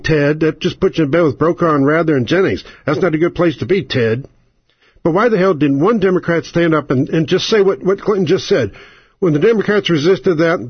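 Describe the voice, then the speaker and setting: A man's voice: fairly high pitch, slightly rough, no room sound. A man hosting casual political commentary, ranting and sarcastic, often indignant. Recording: dull lo-fi audio.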